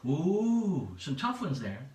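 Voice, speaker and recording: A man's voice: fairly high pitch, sing-song, takes it slowly, warm tone, distant mic. A man hosting a livestreamed pub quiz from home, chatty and playful, reading out each set of options twice. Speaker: quiz host. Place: room at home. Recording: echoey room, away from the mic.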